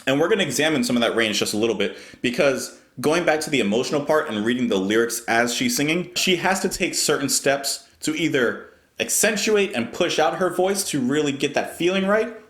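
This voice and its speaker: A man's voice: a little high, lively intonation, a bit bright, reverberant. A man giving casual, thoughtful commentary while reacting to music, explaining what he hears. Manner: thoughtful, explanatory, pauses to restart.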